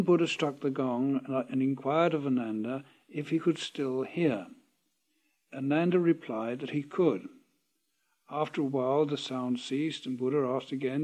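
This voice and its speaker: A man reading a parable aloud and explaining it, slow and deliberate with pauses and self-corrections. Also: medium pitch, darkish tone.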